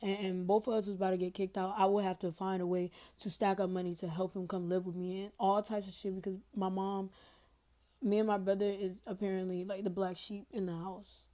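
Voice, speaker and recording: A young woman with a medium-pitched, warm voice tells her viewers a personal story, speaking a little fast with flat delivery. She rambles and uses plenty of slang in this casual storytime rant recorded on her phone for TikTok.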